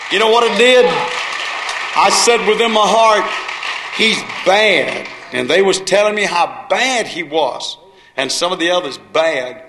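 A man preaching a sermon, telling folksy stories and swinging from shouts to hushed tones. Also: high voice, slight background noise. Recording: echoey room.

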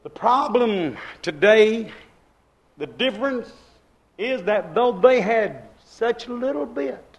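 Man, pastor, high voice, emphatic repetitive sermon, hushed asides and shouts. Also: lively intonation, slow pace, muffled recording. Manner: repetitive, emphatic preaching cadence. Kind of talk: Pentecostal-style sermon.

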